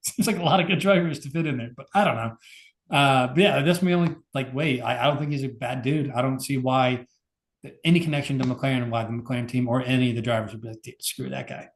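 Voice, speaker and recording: A man's voice: medium pitch, fast talker, echoey room. A man co-hosting a podcast, talking in a laid-back, casual way with lots of fillers. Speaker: podcast co-host. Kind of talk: casual chat.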